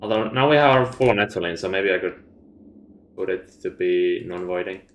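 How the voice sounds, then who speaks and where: A man's voice: low-pitched, normal speed, slight background noise. A man in casual voice chat while gaming, talking in a matter-of-fact, practical way. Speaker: game player. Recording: echoey room mic.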